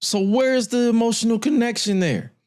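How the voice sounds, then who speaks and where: A man co-hosting a podcast in casual chat, animated, often acting out quoted lines in a raised voice. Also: normal speed, clear, resonant tone. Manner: animated, acts out wrestlers' lines in a higher voice. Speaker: podcast co-host.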